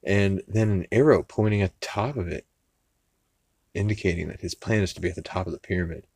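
A man's voice: sits low, brisk, darkish tone, dry recording. A man hosting a podcast, casually recapping an episode in a rambling, profane way with many fillers and restarts. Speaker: podcast host.

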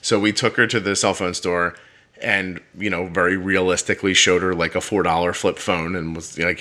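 A man's voice: sits low, fairly even intonation, moderate pace, sharp tone. A middle-aged man hosting a podcast in casual conversation, blunt, joking and emphatic. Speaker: podcast host.

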